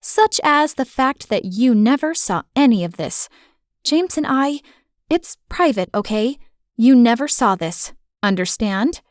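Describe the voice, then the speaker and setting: A woman voicing a hostile, bossy young woman in an audiobook, speaking in sharp, commanding and mocking tones. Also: on the high side, very animated, a little slow, no room sound, studio quality.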